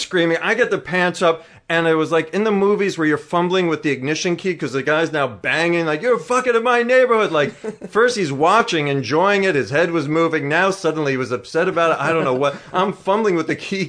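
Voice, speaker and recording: A man's voice: a little high, fairly bright tone. Self-mocking man rambling through an anecdote. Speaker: storyteller. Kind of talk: comic personal anecdote.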